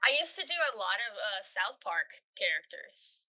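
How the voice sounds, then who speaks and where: Bright female co-host, dry close mic, playful and chatty. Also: mid-range voice, sing-song, no room sound, dull audio. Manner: playful, chatty, quick asides. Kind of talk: casual chat.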